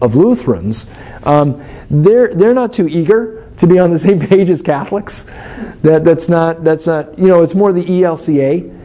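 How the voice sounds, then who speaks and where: A man's voice: on the high side, warm tone. A man leading a church study class, explaining things in an informal, thoughtful and wry way while answering questions.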